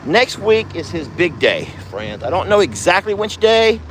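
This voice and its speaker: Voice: medium pitch, sing-song, moderate pace, a little hiss or hum. A vlogger chatting casually while doing ranch chores and cooing fondly at the animals. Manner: chatty, coos affectionately at animals. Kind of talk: casual vlog chat. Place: outdoors on a ranch.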